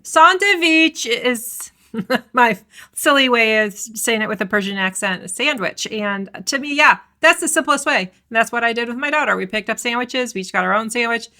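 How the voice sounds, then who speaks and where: A woman's voice: fairly high pitch, fairly quick, hardly any pauses, bright, forceful tone. A woman co-hosting a food podcast, chatting casually and explaining dishes to listeners. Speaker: podcast co-host.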